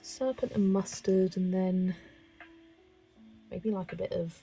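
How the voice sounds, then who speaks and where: A woman's voice: medium pitch, slow pace, vocal fry, warm tone, soft background music. A woman hosting a colouring livestream, chatting casually and thinking aloud as she picks colours. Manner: chatty, thinking aloud, reads chat messages. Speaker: livestream host. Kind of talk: casual chat while colouring.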